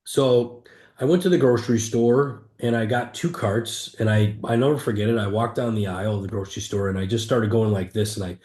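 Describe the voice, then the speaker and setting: A man's voice: lowish voice, a little fast, darkish tone. A man, an entrepreneur guest, candidly retelling a hard stretch of his life in an interview, earnest and emphatic with frequent restarts. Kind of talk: candid personal storytelling in an interview. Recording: roomy echo.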